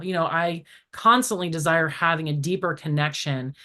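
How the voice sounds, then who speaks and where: A woman's voice: deep voice, moderate pace, hardly any pauses. A middle-aged woman in casual spiritual conversation as a podcast guest, telling stories animatedly with many "like" fillers. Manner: animated storytelling, acts out voices in quotes; frequent "like" fillers.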